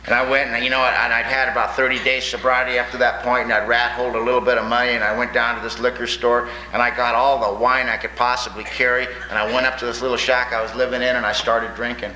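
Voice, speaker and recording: A man's voice: medium pitch, level tone, fast talker, hardly any pauses, bright, forceful tone. Older man telling his story in an echoey hall. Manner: plainspoken, folksy, wry humor. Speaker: recovery speaker sharing his story. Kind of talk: storytelling talk to an audience. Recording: echoey room with faint noise.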